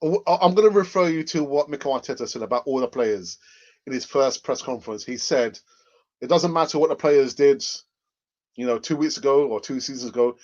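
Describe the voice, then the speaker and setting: A man's voice: mid-range voice, lively intonation, a little fast, darkish tone. A man hosting a casual live fan stream, joking, laughing often and reading out viewer comments. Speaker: host of a live fan channel. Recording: dull lo-fi microphone sound.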